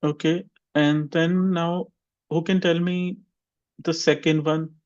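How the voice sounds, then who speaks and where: A man's voice: fairly high pitch, flat delivery, slow. Man teaching English pronunciation, slightly muffled call. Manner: questions students by name, drills repetition. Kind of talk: online class teaching.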